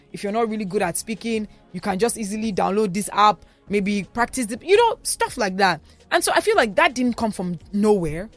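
A woman with a Nigerian accent co-hosting a radio show from the studio, chatting casually and telling stories with many asides. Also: mid-range voice. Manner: animated storyteller, lots of asides and fillers. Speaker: radio co-host.

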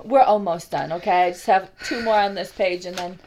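A woman's voice: fairly low pitch, fairly even intonation, brisk, a crowd in the background. A young woman co-hosting a casual podcast chat, profane and laughing, teasing in mock exasperation. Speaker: podcast co-host.

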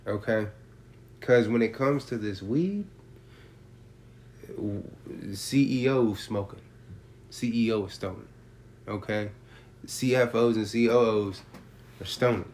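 A man in casual chat explaining his prices, talking in streetwise, profane slang and telling stories in an animated way. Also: on the low side, slow, pauses often, slight background noise. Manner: animated storytelling with acted-out quotes.

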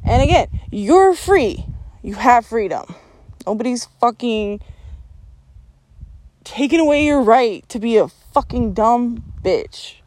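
A woman's voice: a little high, lively intonation, slow pace, long pauses, a little mellow. A woman vlogger ranting bluntly to her viewers, swearing constantly and laughing often mid-sentence in a confrontational, lecturing way. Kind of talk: blunt profane rant to camera. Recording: noticeable background noise.

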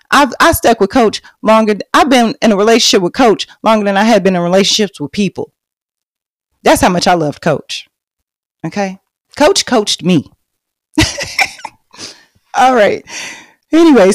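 A woman's voice: mid-range voice, normal speed, long pauses, dry recording, clean studio sound. A woman, hosting a podcast and telling her own story in a chatty, confiding way. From Texas. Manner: chatty and confiding, lively and loud when bragging, hushed and reflective later. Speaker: podcast host. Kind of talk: personal storytelling monologue.

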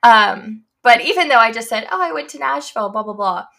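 A woman's voice: fairly high pitch, lively intonation, fairly quick, vocal fry, crowd noise. A young woman co-hosting a podcast, chatting casually and filling her speech with "like" and "you know". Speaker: podcast co-host. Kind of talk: casual chat.

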